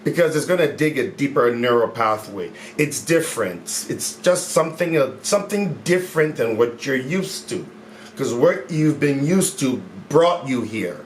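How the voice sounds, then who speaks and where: A man talking to camera as a mindset coach in a casual, upbeat way, repeating his phrases and stretching key words slowly. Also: medium pitch. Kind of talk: casual motivational talk to camera. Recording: echoey room with faint background noise.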